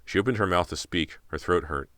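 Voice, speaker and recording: A man's voice: deep voice, a little fast, bright, forceful tone, dry recording, studio quality. A man narrating an audiobook in a tense, dramatic way. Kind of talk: scripted narration.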